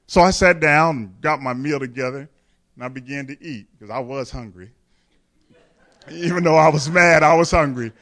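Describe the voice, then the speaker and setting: A man's voice: on the high side, normal speed, fairly bright tone. A man, a pastor, telling a candid, humorous personal story in a sermon, often chuckling and speaking directly to his congregation.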